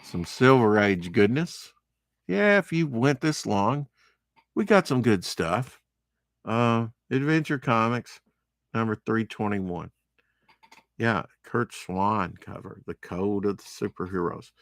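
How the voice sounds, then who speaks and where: Guy rambling thru his comic pile, gravelly low voice, real dry close sound. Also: expressive, slow pace, dry recording. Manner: rambling, chatty, opinionated asides. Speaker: comic book vlogger. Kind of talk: casual comic unboxing commentary.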